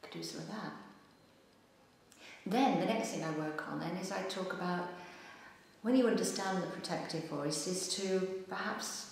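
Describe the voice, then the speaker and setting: Female practitioner, soothing repetitive guidance; reverberant room. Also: mid-range voice. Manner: calm, repetitive coaching phrases. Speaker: EFT practitioner. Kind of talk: guided tapping instruction. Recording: echoey room with long reverb.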